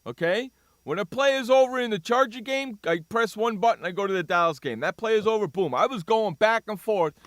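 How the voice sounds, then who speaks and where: A sports radio host, a man with a high, lively voice that leaps up and down as he rants. He talks excitedly and keeps dropping "freaking" into every other sentence. The sound is dry and close, with no room around it. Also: fairly quick, no echo. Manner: animated, ranting, swears mildly with "freaking".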